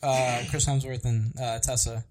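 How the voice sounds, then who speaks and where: A man's voice: mid-range voice, flat delivery, normal speed, crowd noise. A man co-hosting a podcast, chatting casually about films, joking around and swearing casually. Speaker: podcast co-host. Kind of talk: casual film chat.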